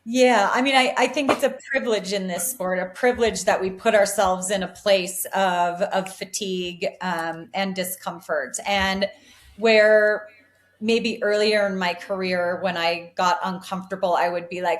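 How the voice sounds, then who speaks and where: An American woman in her forties, an elite distance runner, gives earnest, upbeat answers in a reflective interview. Her mid-range voice has fairly even intonation and a slightly slow pace, and she often restarts her sentences.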